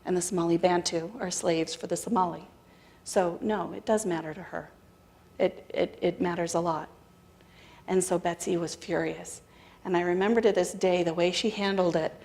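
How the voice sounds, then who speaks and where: A woman's voice: lowish voice, normal speed. A woman speaker at a spiritual center telling a personal story to a congregation, acting out the dialogue with wry laughter. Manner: animated storytelling with quoted dialogue. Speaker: guest speaker. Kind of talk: storytelling talk.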